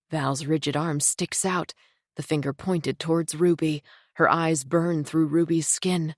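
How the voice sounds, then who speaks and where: Low-voiced woman narrating a thriller. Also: dry recording, clean studio sound. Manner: tense, measured storytelling. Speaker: audiobook narrator.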